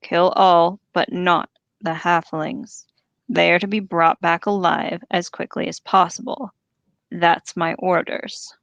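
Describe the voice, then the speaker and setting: A woman's voice: lowish voice, fairly even intonation, gravelly, a bit bright, dry recording, lo-fi sound, heavily acted. A woman doing Ugluk, a growling orc captain. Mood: commanding. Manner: slow, commanding growl. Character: deep-growling brutal male orc captain.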